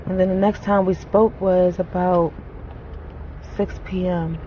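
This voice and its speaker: Brief: actress as a grieving wife, low-pitched, halting and reflective, on a dull recording with light hiss. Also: female voice, little pitch movement, close to an everyday voice. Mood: wistful. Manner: reflective, halting, soft-spoken. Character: grieving wife remembering her late husband. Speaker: grieving widow. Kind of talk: film monologue.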